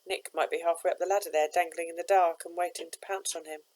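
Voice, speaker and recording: A woman, a teacher, reading a children's novel aloud with steady, expressive narration. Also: lowish voice, quick pace, few pauses, low-quality recording.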